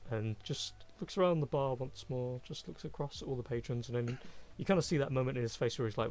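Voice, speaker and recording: A man narrating a tabletop game as game master, in a casual, relaxed way. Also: mid-range voice, quick pace, few pauses, slight background noise.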